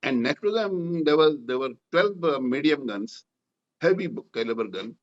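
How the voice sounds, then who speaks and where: A man's voice: a little high, animated, normal speed, lo-fi sound. An older man with an Indian English accent, a war veteran recounting battlefield memories in an interview, acting out the dialogue vividly. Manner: vivid, reenacts dialogue with rising intensity. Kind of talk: storytelling in interview.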